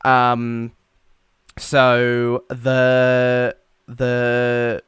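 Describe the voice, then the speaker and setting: Male podcast co-host, jokey storyteller, smooth resonant voice, dry recording. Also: medium pitch, monotone, very slow, fairly bright tone, no room sound. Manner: jokey storytelling, acts out silly quoted voices. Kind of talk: casual comedic history chat.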